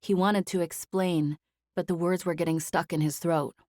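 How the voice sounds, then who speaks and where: A woman with a fairly low voice narrates an audiobook, reading the scripted text in a measured, even storytelling style. The studio-quality recording has no echo.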